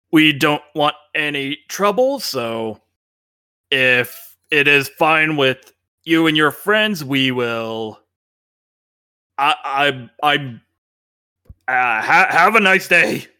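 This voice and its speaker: A man's voice: medium pitch, sharp tone, clean tone. A man voicing a nervous, stammering bandit colonel in a tabletop game. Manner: stammering, flustered.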